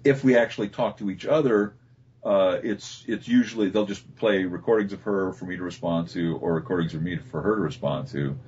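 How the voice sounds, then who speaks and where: Man, husky low voice, rambling anecdotes, lo-fi interview audio. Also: fairly quick. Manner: relaxed anecdotal storytelling with many fillers. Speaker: voice actor guest. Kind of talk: casual interview talk. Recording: dull lo-fi recording.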